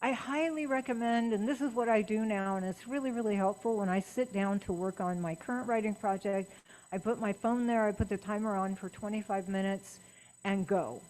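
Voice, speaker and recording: A middle-aged woman speaking as guest at a writers' meeting, chatty and personal with lively emphasis. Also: mid-range voice, a little fast, poor audio. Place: meeting room.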